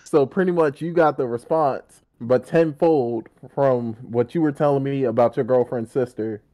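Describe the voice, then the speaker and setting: A man's voice: mid-range voice, moderate pace, mellow. A young man co-hosting a casual podcast chat, teasing the others and telling stories with quoted lines. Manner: teasing storyteller, quotes himself. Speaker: podcast co-host.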